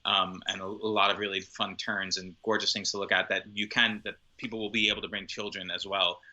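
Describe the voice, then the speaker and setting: A man with a fairly low voice but a very bright, forward tone, talking in an interview. He is enthusiastic and leans on repeated words for emphasis. His delivery is relaxed and conversational, with fillers. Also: fairly quick, poor audio. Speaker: opera singer.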